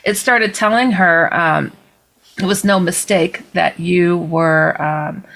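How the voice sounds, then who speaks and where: A woman guest telling a story in a lively, casual way, speaking into a computer on a video call. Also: fairly low pitch, takes it slowly, vocal fry, low-quality recording. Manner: lively, acts out quoted voices.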